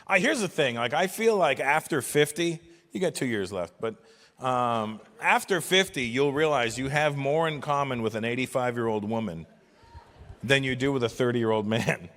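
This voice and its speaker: A man in his fifties performing a stand-up comedy routine, profane and animated, slipping into voices for quotes. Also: medium pitch, moderate pace. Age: 50s. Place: large live venue with audience. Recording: long hall reverb from a stage.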